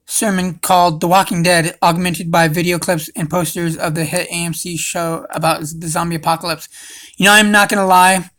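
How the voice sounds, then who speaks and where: A man's voice: fairly high pitch, level tone, moderate pace, sharp tone. A young man hosting a casual livestream, rambling and swearing, calling everyone dude. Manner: rambling, profane, says dude a lot. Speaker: livestream host.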